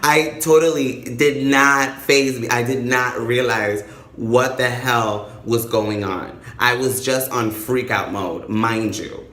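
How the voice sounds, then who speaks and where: A man's voice: medium pitch, fairly even intonation, slow pace, fairly bright tone, echoey room. A man vlogging casually, telling his story with swearing and acting out the voices in it.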